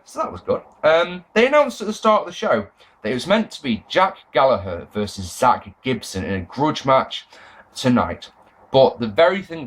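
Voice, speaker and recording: A young man from England talking casually to camera, rambling excitedly and swearing freely as he reviews shows. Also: mid-range voice, low-quality recording. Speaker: wrestling fan vlogger.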